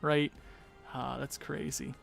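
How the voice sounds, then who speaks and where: A young man hosting a gaming livestream, rambling casually and chatting to viewers in quick asides. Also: mid-range voice, level tone, gravelly, soft background music.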